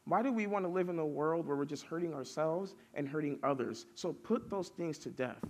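Young male preacher, casual youth-sermon delivery, slightly higher voice, builds emphatic lists. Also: fairly quick, darkish tone. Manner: casual, storytelling, builds lists with rising force.

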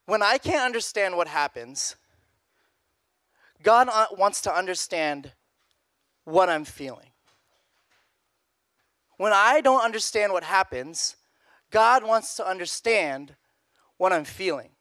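A young man preaching a youth sermon in a casual, animated way, repeating phrases. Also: high voice, slow, long pauses, no room sound. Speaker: youth pastor.

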